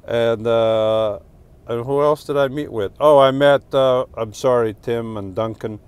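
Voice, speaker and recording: A man's voice: medium pitch, measured pace, darkish tone, clean tone. A middle-aged man from Portugal with a New Jersey and New York accent, hosting a casual live stream, rambling and joking as he reads comments. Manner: rambling, self-correcting, joking.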